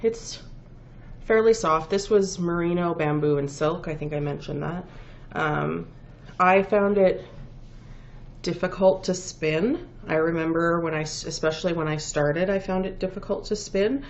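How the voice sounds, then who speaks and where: Low gravelly woman, stuffed up from a cold, rambly knitting chat w lots of ums, dull lo-fi mic w a bit of hiss. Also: unhurried. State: sniffly with a head cold. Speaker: knitting podcast host. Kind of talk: casual show-and-tell chat. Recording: dull lo-fi home recording with faint background noise.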